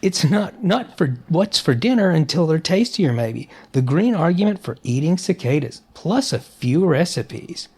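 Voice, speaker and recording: A man talks on a casual podcast in an animated, opinionated manner, often stopping to restart his sentences. His voice sits fairly high for a man and has a gravelly, fry-laden edge. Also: measured pace, hardly any pauses. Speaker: podcast co-host.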